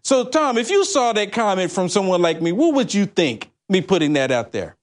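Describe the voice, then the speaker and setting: A man hosting a political talk show, animated and stumbling over words as he talks. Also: high voice, normal speed. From California. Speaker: host.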